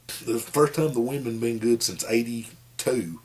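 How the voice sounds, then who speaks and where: A man's voice: medium pitch, normal speed. A man, giving a rambling, folksy movie review with lots of fillers. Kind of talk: casual rambling monologue.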